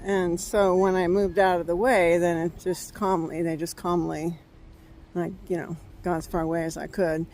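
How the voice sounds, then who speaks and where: A woman's voice: fairly low pitch, level tone, normal speed, a little mellow, slight background noise. A woman from California telling a story in a rambling, chatty vlog on an outdoor trail, laughing often as she talks. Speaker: travel vlogger.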